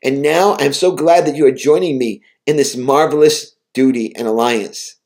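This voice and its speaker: A man reading a gentle, welcoming Jesus. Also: mid-range voice, moderate pace, close to an everyday voice. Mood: warm. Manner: warm and encouraging. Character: gentle, loving male Jesus, calm and welcoming.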